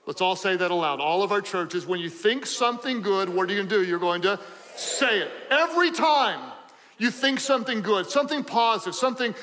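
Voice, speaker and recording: A man preaching a sermon as pastor, animated and joking, repeating phrases for emphasis. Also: high voice, brisk, long reverb tail, poor audio.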